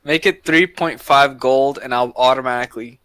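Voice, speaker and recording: A man's voice: medium pitch, fairly even intonation, moderate pace, fairly bright tone, smooth, no echo. A man playing a tabletop game, haggling in character and stumbling through sums aloud. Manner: bargaining, stumbling over sums. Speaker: player. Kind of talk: tabletop role-play chat.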